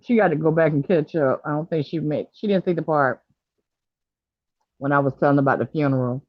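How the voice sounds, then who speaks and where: Livestream host, casual chat, halting delivery with fillers; dry, muffled lo-fi audio. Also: mid-range voice, dry recording. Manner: halting, many fillers, somber retelling.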